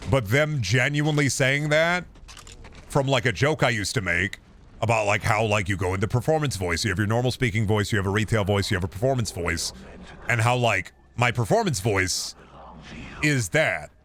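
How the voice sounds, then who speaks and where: Deep-voiced rambling streamer, crisp edge. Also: male voice, expressive, moderate pace, a bit bright, a little hiss or hum. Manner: rambling, with many restarts and casual swearing. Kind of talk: casual stream chat. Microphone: boom microphone with compressor and EQ.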